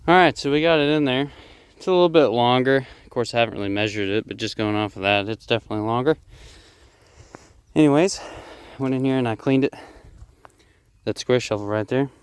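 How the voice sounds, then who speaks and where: A man casually explaining a DIY job as he works outdoors, rough-spoken, swearing freely and joking at his own expense. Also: medium pitch, steady tone, brisk, no room sound. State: out of breath at times. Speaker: DIY vlogger. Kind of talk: casual how-to narration while working outdoors. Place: outdoors at a digging site.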